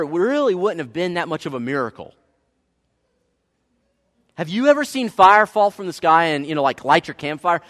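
A man preaching a sermon as pastor, telling a story with lively swings from loud, fast lines to hushed, slow ones. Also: high-pitched, in a large hall.

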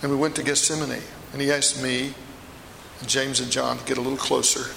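A man's voice: mid-range voice, little pitch movement, brisk, vocal fry, sharp tone, a little hiss or hum. A man performing a first-person dramatic monologue as a remorseful apostle, a middle-aged fisherman telling his story with intense feeling. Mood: earnest. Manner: intense storytelling, swells to anguished outbursts. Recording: echoey hall, long reverb.

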